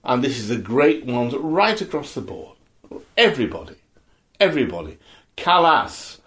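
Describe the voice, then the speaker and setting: A man, a former opera singer, telling animated, emotional anecdotes as a guest, with frequent restarts. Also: mid-range voice, moderate pace. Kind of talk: conversational storytelling.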